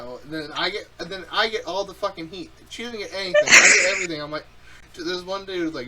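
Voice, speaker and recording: A young man co-hosts a casual podcast with a slightly raised voice. He is loud and animated, and swears freely. He teases his co-host throughout. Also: high-pitched, quick pace, recorded from a distance, noisy background. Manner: loud, profane, teasing, animated.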